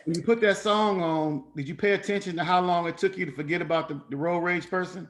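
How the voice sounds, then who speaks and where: A man leading a parenting class over an online call, talking informally, animated and profane, and slipping into other voices for quotes. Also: sits high, fast, a little hiss or hum. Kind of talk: informal coaching talk.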